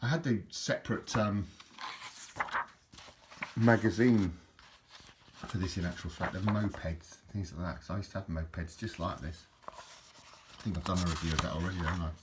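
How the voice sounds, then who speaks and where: Low rambling man, noisy recording. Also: normal speed, long pauses. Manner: rambling, chatty, lots of restarts. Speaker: book reviewer. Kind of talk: casual chat.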